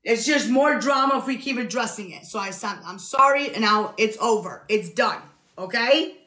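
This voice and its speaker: A woman's voice: a little high, normal speed, pushed and bright. A woman talking casually on a live stream, defensive and repeating herself insistently.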